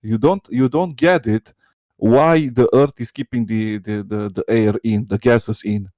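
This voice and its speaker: Casting: non-native English-speaking man, mellow tone, dry close mic, excited and stammering. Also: fairly low pitch, a little slow, no room sound. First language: not English. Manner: excited, stammering, repeats words. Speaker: debate guest. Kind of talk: live online debate.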